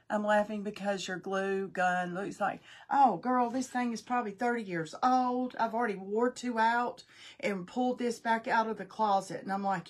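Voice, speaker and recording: A woman's voice: mid-range voice, moderate pace. A middle-aged woman casually demonstrating a craft live, chatting folksily, thinking aloud and greeting viewers by name.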